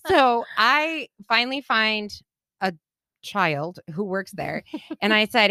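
A woman's voice: medium pitch, unhurried, bright, forceful tone, no room sound. A woman in her thirties, co-hosting a podcast, telling a long story in casual chat and acting out the people she quotes. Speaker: podcast co-host. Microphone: studio microphone.

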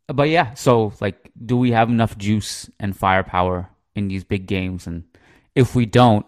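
A man's voice: low voice, no echo, clean studio sound. A man hosting a podcast in casual chat, talking in long rambling runs full of "like" and "you know". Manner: talkative, rambling, heavy use of "like" and "you know". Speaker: podcast host.

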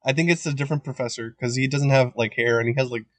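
A man's voice: mid-range voice, fast, no room sound. A man co-hosting a podcast in casual chat, rambling with many fillers, swearing and laughing. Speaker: podcast co-host.

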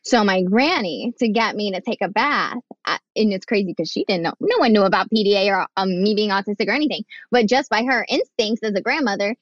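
A woman's voice: mid-range voice, fairly quick, hardly any pauses. A young woman talks candidly as a podcast guest, acting out the voices of people in her stories with a frank, sometimes profane edge. Her voice comes through dull and slightly lo-fi, with a dry, close sound and no room echo. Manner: animated, acts out quoted voices, frank and profane. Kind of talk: candid conversational storytelling.

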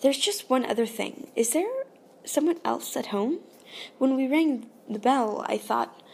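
A woman's voice: high voice, animated, a little slow, vocal fry, darkish tone, husky, voice pushed up, full character voice. A woman reading an audiobook and voicing an anxious, polite adult woman who speaks formally. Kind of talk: audiobook character voice.

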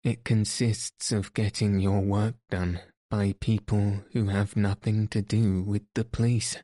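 A man's voice: lowish voice, level tone, a little slow, dark tone, no room sound, studio quality, lightly acted. A man voicing a smug, self-satisfied police commissary who questions and lectures in a pointed way. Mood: lecturing.

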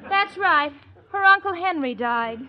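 A woman's voice: very high voice, expressive, a little slow, heavy background noise. An actress playing a patient, level-headed young woman in a 1940s radio sitcom. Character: sensible young woman roommate. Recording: dull old radio recording.

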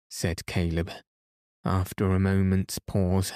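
A man reading a classic story aloud as a soothing bedtime narration, in a soft, even, unhurried manner. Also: low voice, dry recording, clean studio sound. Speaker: podcast host and reader.

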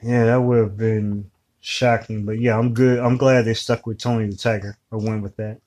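A man co-hosting a podcast in casual chat, making wry deadpan jokes. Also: lowish voice, moderate pace. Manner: joking, wry, deadpan asides. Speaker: podcast co-host.

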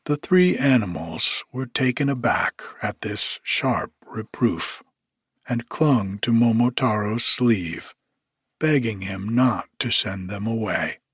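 Male audiobook reader, husky tone, unhurried, dry close sound. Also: fairly low pitch, lively intonation, fairly bright tone, dry recording. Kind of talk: scripted storybook narration.

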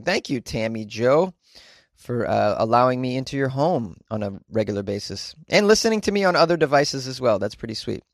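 A chatty, joking male podcast host with a mid-pitched voice, speaking into a home podcast mic. His delivery is loose and full of "uh"s, and the sound is dry and close with no room echo. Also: lively intonation, fairly quick, creaky. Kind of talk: casual solo podcast chat reading listener mail.

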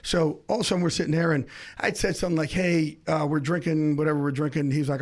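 A middle-aged man, a sports insider, telling a story as a podcast guest with fast, excitable delivery, acting out the other people in it. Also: on the high side. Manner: fast, excitable, acts out quoted voices. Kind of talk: animated storytelling.

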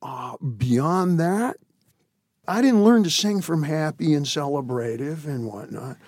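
A man in his sixties with a gravelly, husky voice gives a candid interview, animated one moment and hushed the next. He swears bluntly as he tells his stories. The sound is close and dry, with no room echo. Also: on the high side, a little slow. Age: 60s. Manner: animated raconteur, swings between loud and hushed. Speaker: interview guest.

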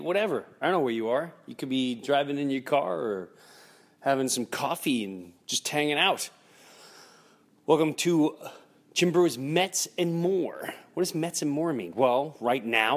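Rambling animated male podcast host. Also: medium pitch. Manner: rambling storyteller, restarts and acts out quotes. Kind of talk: casual solo podcast monologue.

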